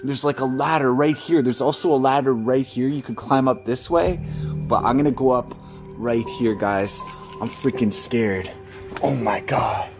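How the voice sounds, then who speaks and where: A man's voice: mid-range voice, unhurried, vocal fry, music in the background. A young man hosting a staged horror vlog, frightened and swearing as he talks to his viewers. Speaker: vlogger.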